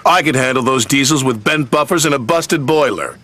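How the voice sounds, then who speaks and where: A man's voice: medium pitch, fairly quick, fairly bright tone, natural voice. A man doing a huffy, proud red engine. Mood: boastful. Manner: huffy and self-important. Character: proud big red steam engine, male. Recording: music playing behind.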